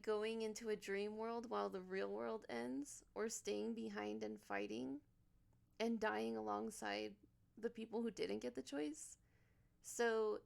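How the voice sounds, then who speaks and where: A woman's voice: medium pitch, gravelly. A young woman streamer chatting emotionally and explaining a game's story during a live watch party. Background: game music.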